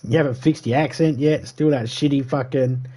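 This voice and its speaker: A man's voice: medium pitch, fairly even intonation, normal speed, mellow. A man live-streaming a survival game, rambling and cursing casually as he talks to viewers. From United States. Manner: rambling, profane, chatty monologue.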